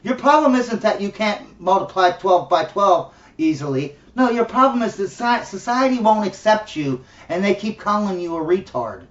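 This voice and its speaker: A man's voice: sits high, lively intonation, moderate pace, few pauses. A man mimicking a patronizing, politically correct man in a mock-soothing, condescending tone. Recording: roomy, distant, dull lo-fi audio.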